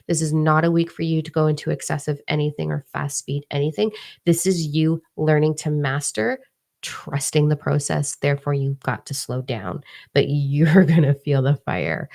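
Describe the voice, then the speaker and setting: A woman in her forties with a low, gravelly voice reads out a weekly energy forecast live. Her talk is casual and emphatic, and she hammers her main phrases again and again. The voice sits deep, with a fry at the bottom. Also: a little mellow. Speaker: spiritual reader.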